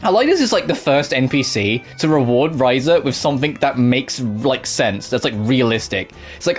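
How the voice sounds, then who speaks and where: A man's voice: mid-range voice, lively intonation, normal speed, hardly any pauses, faint music behind. A man casually commentating a video game as he plays, swearing often and laughing at his own mistakes. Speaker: gaming YouTuber. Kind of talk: let's play commentary.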